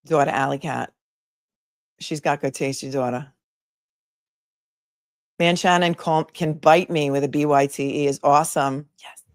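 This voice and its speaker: A woman hosts a live commentary stream in a relaxed, joking way, reading out messages from her chat as she goes. Her voice sits on the low side, and the recording is dry and close with no room sound. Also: dry recording. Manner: chatty, jokey, reads chat messages aloud.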